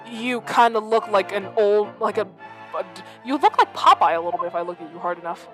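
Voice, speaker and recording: A woman's voice: medium pitch, lively intonation, brisk, a bit bright, soft background music. A young woman streaming a game, joking casually between voiced lines of dialogue. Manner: playful, joking asides.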